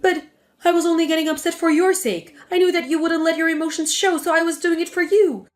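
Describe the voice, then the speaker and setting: A woman's voice: extremely high pitch, fairly even intonation, a little fast. A woman voicing a spiteful, scornful older mother-in-law in a dramatic story reading. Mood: defensive. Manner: sneering, contemptuous.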